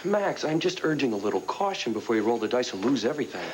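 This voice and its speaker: An actor playing a cautious man who earnestly warns his brother, in 1980s TV soap acting, recorded in an echoey room with loud hiss. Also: medium pitch, very animated, fast talker, natural voice. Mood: worried. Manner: earnest, worried urging. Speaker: brother and uncle.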